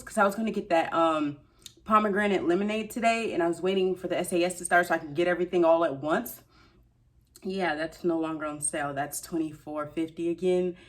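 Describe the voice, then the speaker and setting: A woman, ranting in a casual vlog and talking straight to her viewers with slangy asides. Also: fairly low pitch. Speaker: beauty shopping vlogger.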